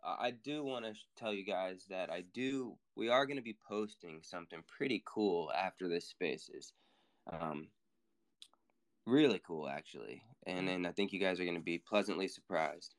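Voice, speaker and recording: A man from the project team chatting casually, playful and quick to laugh. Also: low voice. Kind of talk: casual chat.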